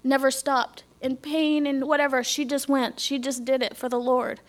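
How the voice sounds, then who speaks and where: A woman's voice: high voice, flat delivery, moderate pace. Earnest middle-aged woman giving testimony. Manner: earnest, drops to a whisper, asks the audience questions. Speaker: speaker giving a church testimony. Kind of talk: personal testimony to a congregation.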